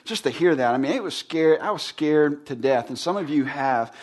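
A man in his thirties preaching a sermon, telling a personal story in an earnest, casual way, dropping low and soft when he quotes words of comfort. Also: moderate pace. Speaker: pastor.

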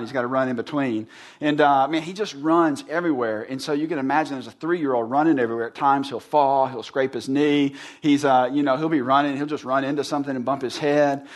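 A man in his thirties preaching a sermon, telling a personal story in an earnest, casual way, dropping low and soft when he quotes words of comfort. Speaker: pastor.

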